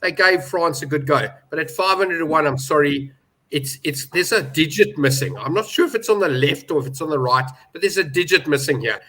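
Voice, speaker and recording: A man's voice: on the high side, a little fast, pushed and bright. A man giving emphatic, indignant betting opinions on a panel, with many restarts. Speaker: betting pundit. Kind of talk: animated panel discussion.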